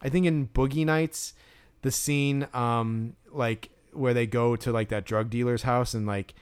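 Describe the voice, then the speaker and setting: Man, podcast co-host, rambling story, smooth resonant voice. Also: mid-range voice, steady tone, measured pace. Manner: rambling storyteller, many fillers and restarts. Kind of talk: casual chat.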